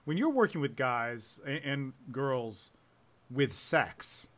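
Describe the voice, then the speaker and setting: A man's voice: mid-range voice, big pitch swings, takes it slowly, a bit bright. A man hosting a podcast, talking casually and emphatically and swearing freely. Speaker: podcast host. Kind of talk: casual conversation.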